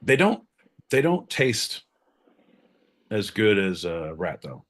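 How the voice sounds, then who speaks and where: Male podcast host, lowish voice, lively and crude banter. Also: very slow, long pauses, breathy edge. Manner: jokey, animated, crude.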